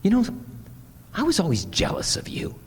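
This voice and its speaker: A man voicing his adult sister, high and insistent, in a reverberant hall. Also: wildly swooping pitch, moderate pace. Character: adult sister, jealous and emphatic. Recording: long hall reverb, faint noise.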